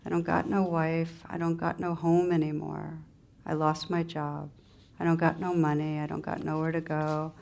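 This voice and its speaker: A woman voicing a grieving, ashamed drunk male laborer, in a soft, sullen way. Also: low-pitched, little pitch movement, normal speed, vocal fry, slight background noise. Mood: sorrowful.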